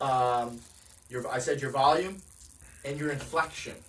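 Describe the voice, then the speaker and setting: A man's voice: medium pitch, unhurried, a bit bright, distant mic, poor audio. A man giving a direct, conversational sales training talk, often asking his listeners questions. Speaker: real estate sales coach.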